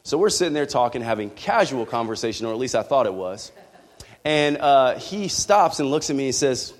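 A man's voice: mid-range voice, lively intonation, brisk, big-room sound. A man preaching a sermon, telling a candid personal story with rising passion.

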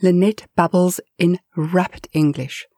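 Telling a story at a measured pace, a woman's fairly low voice carries a dark, slightly husky tone and lively, expressive swells. The sound is close and dry, with no echo.

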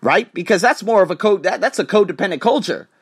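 Animated, profane male podcast host. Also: sits high, quick pace, slightly rough. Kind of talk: casual monologue podcast.

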